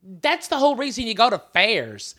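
A man's voice: very high voice, huge pitch swings, moderate pace, bright, forceful tone. A man hosting a podcast, talking in a boisterous, profane, rowdy way. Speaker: podcast host. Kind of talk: crude comedic banter.

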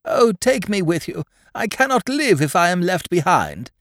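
Man doing a high pleading older woman. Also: very animated, moderate pace, fairly bright tone, no echo, studio quality, heavily acted. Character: aging woman, pining nursemaid, wheedling and vain.

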